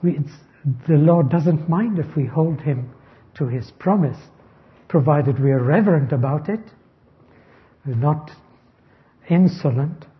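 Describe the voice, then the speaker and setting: Male preacher, slightly high voice, slow measured delivery, dull lo-fi recording. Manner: slow, deliberate, stressing key words. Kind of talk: expository sermon.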